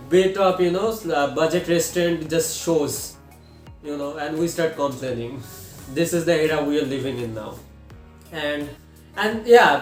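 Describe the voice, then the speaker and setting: A man with a slightly high voice talks through a TV show review in a loose, casual way. He keeps restarting his sentences and filling gaps with "you know" and "like." The voice rings around a roomy, echoey space. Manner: rambling, with many fillers and repeated restarts. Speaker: film and TV reviewer. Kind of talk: casual spoken review to camera. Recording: echoey room.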